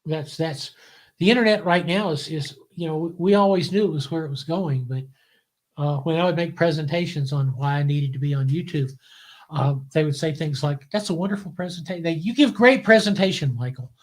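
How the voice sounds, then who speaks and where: An older man, a guest on an interview show, telling stories in a lively way and voicing the people he quotes. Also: on the high side, moderate pace. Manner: animated storyteller, voices the people he quotes. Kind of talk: casual storytelling interview.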